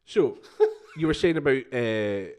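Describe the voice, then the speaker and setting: A man's voice: medium pitch, animated, takes it slowly, darkish tone. A man co-hosting a podcast, joking and teasing in casual banter. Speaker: podcast co-host.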